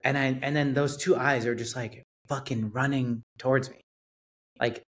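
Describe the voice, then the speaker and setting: A man guest on a podcast, telling a story in a casual, animated way, swearing and acting out what people said. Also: mid-range voice, normal speed. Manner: animated storyteller, acts out quotes, swears, laughs. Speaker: realtor guest.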